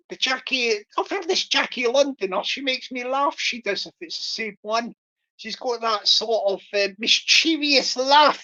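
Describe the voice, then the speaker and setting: A woman's voice: fairly high pitch, pushed and bright. A woman hosting a livestream in a chatty, giggly and playful way. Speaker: livestream host. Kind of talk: casual livestream chat. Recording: dull lo-fi stream audio.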